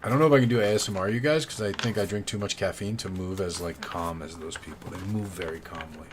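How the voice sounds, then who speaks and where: A man's voice: low voice, fast, a little hiss or hum. A man streaming tarot readings live, chatting casually, rambling and thanking viewers by name. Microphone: studio condenser mic.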